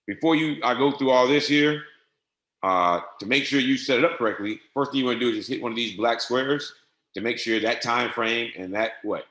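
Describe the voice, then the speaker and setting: A man teaching a software setup on a screen-share webinar, dictating settings step by step in a patient, repetitive way. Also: medium pitch. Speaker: trading software instructor. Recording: echoey room.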